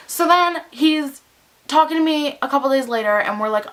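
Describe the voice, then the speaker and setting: A young woman with a high, bright voice chats straight to camera in a casual vlog. She tells her story with animation and acts out what others said in quick bits. Her delivery stays lively and conversational. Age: young adult. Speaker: vlogger.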